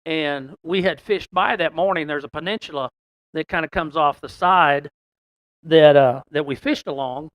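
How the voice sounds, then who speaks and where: A man telling a long fishing story in a casual, folksy way, rambling with many "and, uh" pauses. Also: on the high side, fairly bright tone, dry recording. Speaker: podcast guest telling a story.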